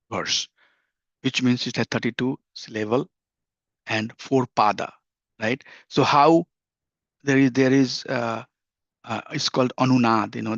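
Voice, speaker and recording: A man's voice: mid-range voice, creaky, fairly bright tone, no echo, lo-fi sound. A man teaching a scripture class, explaining step by step and checking in with "right?" and "you know".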